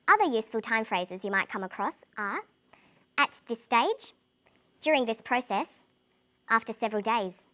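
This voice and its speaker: A woman presenting an English lesson in clear, deliberate scripted narration, slowing down on example words. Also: on the high side, animated, pushed and bright.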